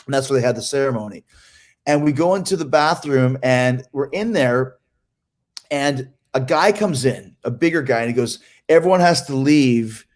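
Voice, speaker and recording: A man casually telling a story among friends on a podcast, animated and profane, laughing often and imitating the people he talks about. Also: medium pitch, moderate pace. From Canada.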